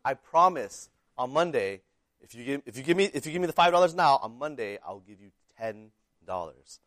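A man's voice: medium pitch, very animated, fairly quick, fairly bright tone, no room sound. Man playing small sly schoolgirl, coaxing, insistent promises, dry room. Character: pleading schoolgirl, second grader, sly.

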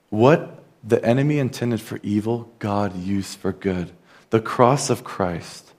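A man's voice: fairly low pitch, a little mellow. A man preaching a sermon in an earnest, conversational manner, with casual asides. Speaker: pastor.

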